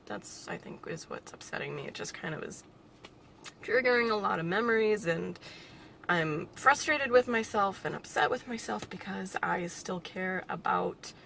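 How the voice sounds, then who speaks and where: A young woman vlogging alone, talking in a halting, reflective way with nervous little laughs, emotional and close to tears. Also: medium pitch, creaky, fairly bright tone, slight background noise. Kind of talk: personal vlog monologue.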